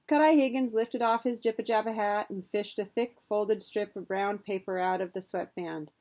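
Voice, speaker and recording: A woman reads a children's adventure novel aloud as narrator. Her delivery is steady and expressive, at a middling pitch. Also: moderate pace, few pauses. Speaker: audiobook narrator. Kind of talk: storybook narration.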